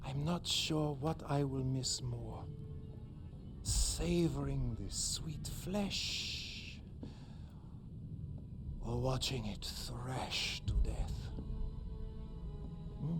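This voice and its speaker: An actor playing a sadistic, mocking German commander with a German accent in a video game cutscene. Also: male voice, medium pitch. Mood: menacing. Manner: slow, silky, taunting, drawn-out words. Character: sadistic male German commander, middle-aged, cold and mocking. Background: game score music.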